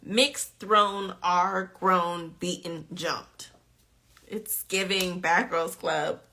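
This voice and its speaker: A woman's voice: fairly low pitch, fairly even intonation, extremely slow, pushed and bright. A woman tutoring nursing students in a live online quiz, chatty and playful, often laughing as she reads questions aloud. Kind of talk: casual live-stream quiz teaching.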